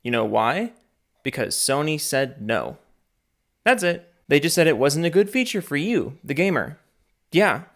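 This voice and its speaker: A man's voice: a little high, big pitch swings, a little slow, creaky, a bit bright. A man hosting a reaction video, talking in an exasperated, sarcastic, incredulous way.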